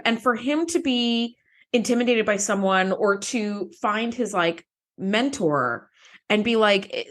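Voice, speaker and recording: A woman co-hosting a casual podcast, recapping an episode in an animated way, laughing often and acting out characters' lines. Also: medium pitch. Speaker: podcast co-host.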